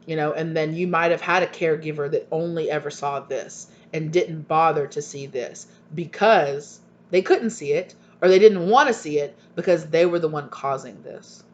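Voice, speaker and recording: A man's voice: a little high, moderate pace, few pauses. A man giving a tarot reading to viewers, talking earnestly and emphatically, often repeating himself and asking pointed questions. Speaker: tarot reader. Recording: dull lo-fi recording with faint hum.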